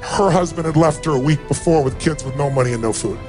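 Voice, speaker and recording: A man's voice: fairly high pitch, quick pace, over music. A middle-aged man giving a motivational speech, telling a personal story with emotion and rising to emphatic peaks. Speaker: motivational speaker.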